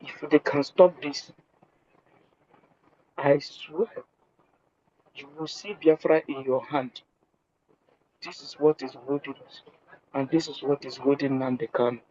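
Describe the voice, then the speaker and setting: A man's voice: fairly even intonation, a little slow, long pauses, mellow. A man calling in from a public place, hesitant and apologetic, repeating himself as he makes his point. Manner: speaks low at first, in a public place. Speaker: caller. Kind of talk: live audio-room call. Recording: muffled lo-fi phone line with faint background noise.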